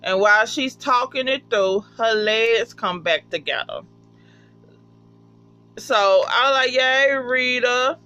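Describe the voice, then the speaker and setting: A vlogger casually recapping a TV episode, profane and animated, acting out the characters' lines. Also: medium pitch, takes it slowly, pauses often, dull audio, faint music behind. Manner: profane, animated, acts out quotes. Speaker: TV episode reviewer.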